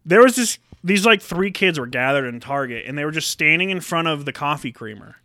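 Young male podcast co-host. Bright, dry-miked voice, slightly high; swears a lot, rants, acts out the people he quotes. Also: a little fast, dry recording. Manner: profane, animated storytelling with acted-out quotes. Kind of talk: casual ranting chat.

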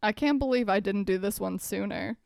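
A woman's voice: mid-range voice, brisk, gravelly, darkish tone, smooth, no echo, studio quality. A young woman co-hosting a casual true-crime podcast, joking and swearing freely between laughs. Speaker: podcast co-host.

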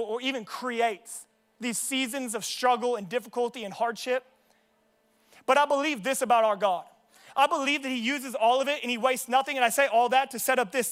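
A man's voice: very high-pitched, fairly bright tone. A young man preaching a sermon in a casual, joking way, telling stories from his own life at a church service. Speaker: pastor. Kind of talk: sermon with personal storytelling.

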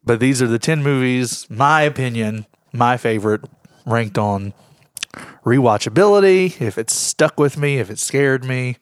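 A man co-hosting a casual horror-movie podcast, animated and quick to laugh as he lays out his picks. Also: mid-range voice, smooth, no echo, studio quality. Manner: animated, laughs often, relishes quoting lines. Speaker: podcast co-host.

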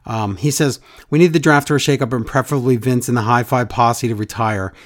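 A man hosting a casual podcast, chatting animatedly and reading listener emails aloud with jokes. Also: medium pitch. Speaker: podcast host. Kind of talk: casual wrestling podcast chat.

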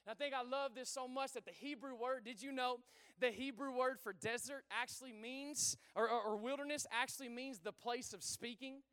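A man's voice: very high-pitched, moderate pace, bright, forceful tone, clear, resonant tone, long reverb tail. A man preaching a sermon in a church, talking conversationally, asking the congregation questions and repeating his phrases. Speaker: pastor.

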